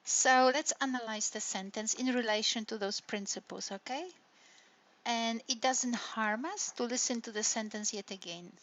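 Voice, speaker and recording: In a recorded online lecture about intonation, a university lecturer with a fairly high, fairly bright voice talks at a normal speed. She explains things step by step, frequently tossing in "right?" and "hey?" for her listeners. The sound is dull and lo-fi.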